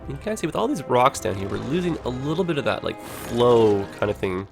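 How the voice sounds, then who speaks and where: A man's voice: medium pitch, very animated, fast talker, creaky, over music. A man with a Toronto Canadian accent, chatting casually over his gameplay as a livestreamer and filling his talk with "like" and "you know".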